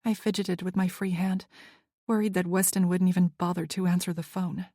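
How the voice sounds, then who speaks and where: A woman's voice: on the low side, flat delivery, fairly quick, dark tone, dry recording, studio quality. Woman narrating a romance audiobook.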